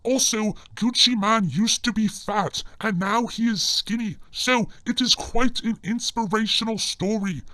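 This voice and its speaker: A man giving scripted comedic narration in a formal, deadpan manner. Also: sits high, a little slow, few pauses, no room sound.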